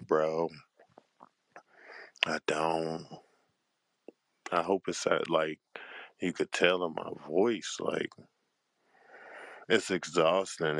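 A man with a very deep voice delivers an angry, profanity-laden rant as a panel host. He sounds heated and exasperated, at times drawn out and weary. The sound is dry and close. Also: no room sound.

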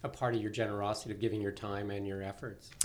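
A man's voice: fairly low pitch, level tone, fast talker. A man, hosting a podcast and talking in a reflective, rambling way. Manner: reflective, rambling, with frequent restarts. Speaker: podcast host. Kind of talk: casual conversational interview.

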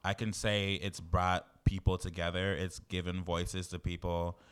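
A man's voice: low-pitched, level tone, a little slow, clear, resonant tone. A congested man co-hosting a casual podcast, teasing and laughing easily. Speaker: podcast co-host.

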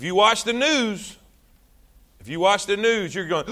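A man preaching a sermon, animated, drawing out words for emphasis. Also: high-pitched, a little fast.

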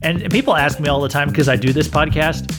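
A man's voice: on the high side, brisk, music in the background. A man hosting a podcast, talking in a casual, rambling monologue full of fillers and restarts. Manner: rambling, with frequent fillers and self-corrections. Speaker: podcast host.

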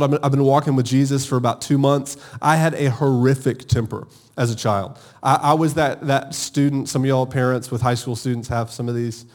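A married man preaching a sermon with energy, calling on his congregation to answer back. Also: fairly high pitch. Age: adult, married. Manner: energetic, calls for audience responses. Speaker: pastor.

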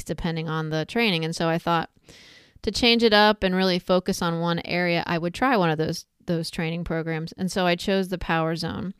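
A woman's voice: lowish voice, clear, resonant tone, no room sound, studio quality. Woman, casual talk, retells a story with asides, very clean voice. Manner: conversational, retelling a film scene with asides. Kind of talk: casual spoken reflection.

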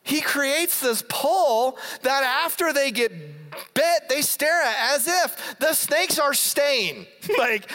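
A preacher giving a sermon to a congregation, reading scripture and then retelling it in a playful, animated way. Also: high-pitched, slow pace, few pauses. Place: church hall before a congregation. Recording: long hall reverb.

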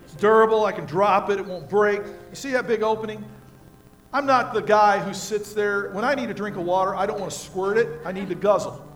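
An older American pastor preaches in a high-pitched voice, telling homey stories and moving from hushed moments to loud peaks. Music plays clearly behind his sermon. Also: fairly even intonation, brisk. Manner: folksy storytelling with props, swinging from quiet to loud.

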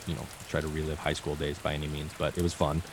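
Deep-voiced young man with rain behind. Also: flat delivery, fast. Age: 20s. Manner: rambling, many "like"s. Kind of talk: casual chat, storytelling. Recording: noisy rain in background.

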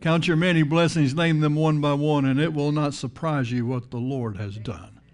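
Male preacher with a fairly high voice, conversational sermon delivery, lots of repeats and rhetorical questions. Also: fairly even intonation, normal speed.

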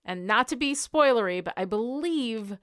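A woman's voice: a little high, lively intonation, normal speed, a bit bright. A woman co-hosting a casual chat about a TV show, ranting in an exasperated, profane way. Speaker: podcast co-host.

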